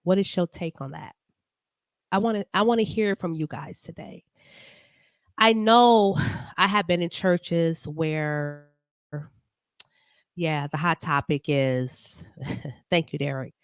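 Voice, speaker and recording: A woman host chatting on a live stream with a low, gravelly voice, talking slowly and earnestly to her viewers by name. The sound is dry and close, with no room around it. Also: no room sound. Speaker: talk show host. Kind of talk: casual live-stream commentary.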